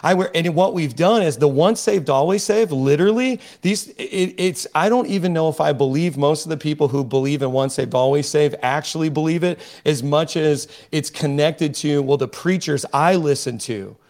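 Fired-up preachy man, slightly high voice. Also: moderate pace, hardly any pauses, a little mellow. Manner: emphatic, preachy, with many restarts. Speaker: podcast guest. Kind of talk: impassioned podcast discussion.

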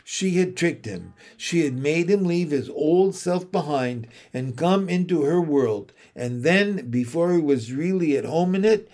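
A man narrating a children's novel in slow, deliberate, emotional storytelling. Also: a little high, lively intonation, a little mellow. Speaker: audiobook narrator.

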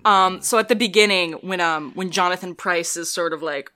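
A woman chatting about a film with a bright, forceful voice. She gushes and giggles, acting out lines she loved in a casual, excited way. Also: lowish voice, moderate pace. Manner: enthusiastic, giggly, quotes lines in put-on voices. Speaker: podcast co-host. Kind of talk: casual film-review chat.

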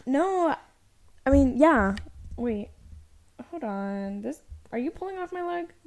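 A woman from Texas co-hosting a casual podcast chat. She gets loud and excited and often stumbles over her words. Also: high-pitched, slow. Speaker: podcast co-host.

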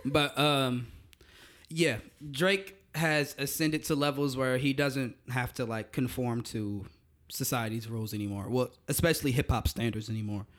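A man's voice: medium pitch, moderate pace, a bit bright. A young man co-hosting a casual chat podcast, opinionated and blunt, full of slang and swearing. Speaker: podcast co-host.

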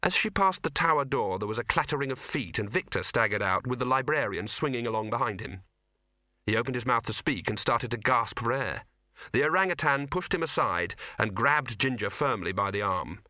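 Bright-voiced male audiobook narrator. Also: mid-range voice, brisk, no echo, studio quality. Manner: wry, expressive storytelling. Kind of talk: scripted narration.

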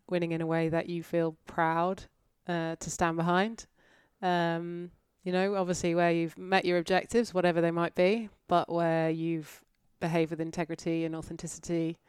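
Clear-voiced woman, reflective guest. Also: on the low side, no room sound, clean studio sound. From North Yorkshire, England. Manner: reflective, candid, many fillers and restarts. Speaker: podcast guest. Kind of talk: conversational interview.

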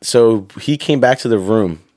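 A young man telling stories in a casual chat, animated and swearing, acting out drill instructors. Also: mid-range voice, measured pace, dry recording, studio quality. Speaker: guest.

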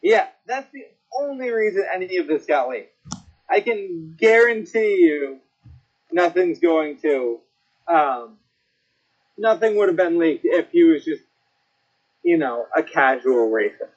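Man, higher pitch, animated, sarcastic, lo-fi audio. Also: measured pace, long pauses. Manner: sarcastic and emphatic. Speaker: panelist. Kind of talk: casual sports talk. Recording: dull lo-fi call audio.

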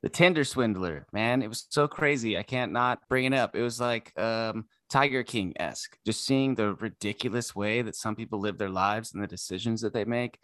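A man co-hosting a podcast in casual chat, animated and casually swearing. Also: lowish voice, normal speed, few pauses, no room sound. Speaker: podcast co-host.

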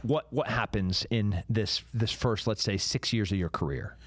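A man hosting a podcast interview in a measured, emphatic way. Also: fairly low pitch, no echo. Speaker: podcast host. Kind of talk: casual interview chat.

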